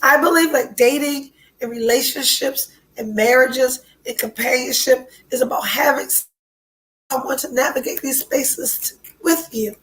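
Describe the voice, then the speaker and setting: High-voiced woman, blunt and stuffy-nosed. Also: a little slow, fairly bright tone, poor audio. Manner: blunt, profane, emotionally open. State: stuffy nose from a cold. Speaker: podcast host. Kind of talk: candid podcast monologue.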